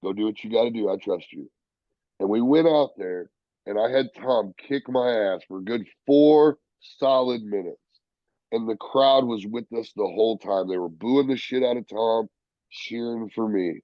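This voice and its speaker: A man, a professional wrestler, telling stories in a casual interview, profane and animated, acting out the people he quotes. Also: mid-range voice, unhurried, no room sound, highs cut off.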